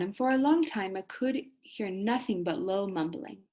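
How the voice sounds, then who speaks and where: Woman, teacher, read-aloud lesson, explains words, husky voice. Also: medium pitch, animated, normal speed, hardly any pauses, dark tone. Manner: explains hard words as she reads. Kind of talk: reading aloud with explanations for students.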